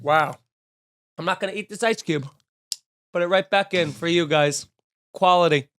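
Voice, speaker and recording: High-voiced man telling a wild story. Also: normal speed, a little hiss or hum. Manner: animated, swearing, acts out quotes. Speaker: comedian podcast host. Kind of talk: casual storytelling monologue.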